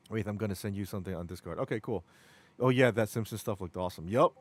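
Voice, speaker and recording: Rambling, excitable male streamer. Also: on the low side, fast. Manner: rambling, enthusiastic, repeats words. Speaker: stream host. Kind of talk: casual live-stream chat.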